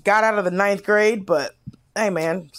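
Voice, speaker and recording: A woman co-hosts a loose comedy podcast, spilling personal stories with lively energy and blunt language. She talks in quick bursts and shifts readily between excitement and reflection. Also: medium pitch. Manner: animated, candid storytelling with swearing and quick bursts. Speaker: podcast co-host. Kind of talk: casual comedic podcast chat.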